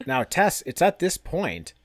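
A man's voice: fairly high pitch, very animated, a little slow, dry recording, studio quality. A man co-hosting a podcast, casually recapping a comic with lots of laughter and filler words. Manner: laughs often, rambling with fillers. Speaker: podcast co-host.

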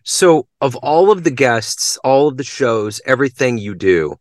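A male podcast host tells an animated story, acting out the people he quotes with plenty of enthusiasm. The recording is close and dry, with no room sound, and his pitch is a medium one for a man. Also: unhurried, no room sound. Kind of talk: casual interview chat.

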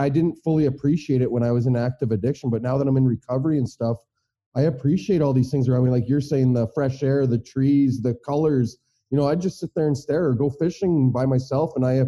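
A middle-aged man hosting a casual conversation, earnest and halting, often restarting his sentences. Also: mid-range voice, warm tone. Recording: dull lo-fi recording.

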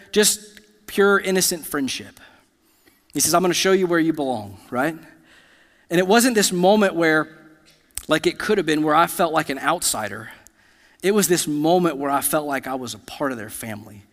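Thirties male pastor, slightly high voice, chatty storytelling sermon, long church reverb. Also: moderate pace, pauses often, fairly bright tone. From United States. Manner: conversational, storytelling with asides to the congregation. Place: church sanctuary.

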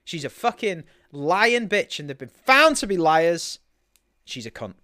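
A man's voice: on the high side, very animated, measured pace, sharp tone, dry recording, studio quality. A British man co-hosting a casual podcast, ranting with heavy profanity. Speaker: podcast co-host.

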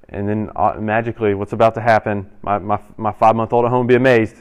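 A young man in his role as a youth pastor, giving an interactive sermon and playfully quizzing his audience with quick asides. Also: lowish voice, little pitch movement, smooth, lo-fi sound. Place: church hall with audience.

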